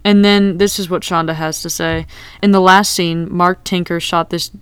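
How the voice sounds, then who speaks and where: Smooth-voiced woman recapping a TV show. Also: lowish voice, steady tone, normal speed, dry recording. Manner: reads quotes aloud and acts out scenes. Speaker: podcast co-host. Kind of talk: casual TV recap chat.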